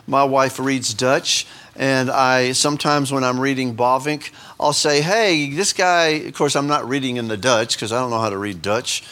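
A man's voice: mid-range voice, fairly even intonation, normal speed, hardly any pauses, bright, forceful tone. A middle-aged man preaching a sermon, rambling through self-deprecating asides between scripture readings. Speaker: pastor.

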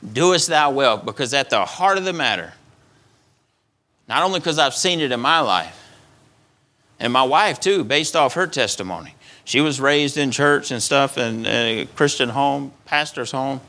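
A man's voice: mid-range voice, expressive, a little slow, bright, forceful tone. A middle-aged male pastor preaching an earnest sermon, often acting out the voices of stubborn, angry people and repeating his words as he goes.

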